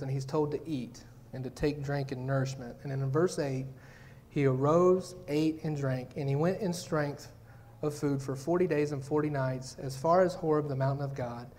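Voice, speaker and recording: High-voiced man preaching a sermon. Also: fairly even intonation, normal speed, dark tone, a little hiss or hum. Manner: reads scripture, acts out pleas, builds to fervent emphasis. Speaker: pastor.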